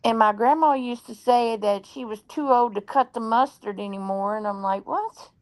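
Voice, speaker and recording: Chatty woman with a slightly high voice. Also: moderate pace. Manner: chatty storyteller, reads aloud from the web. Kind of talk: casual chat.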